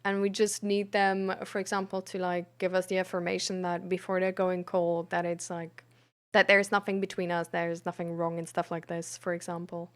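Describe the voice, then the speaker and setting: A woman's voice: on the low side, flat delivery, normal speed, clean tone. Frank, reflective woman streamer. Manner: frank, reflective, hesitant with many fillers. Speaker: streamer and peer support coach. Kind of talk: casual live-stream chat about mental health.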